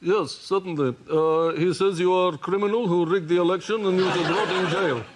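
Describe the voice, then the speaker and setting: A comedian playing a sly male interpreter who speaks blandly and deadpan. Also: high voice, fairly quick, close to an everyday voice. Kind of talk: improvised comedy sketch. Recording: noisy studio with audience laughter.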